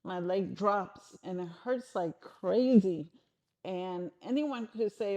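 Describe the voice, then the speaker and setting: A woman's voice: medium pitch, slow pace, a little mellow. A middle-aged woman answering interview questions frankly and conversationally, often restarting her sentences.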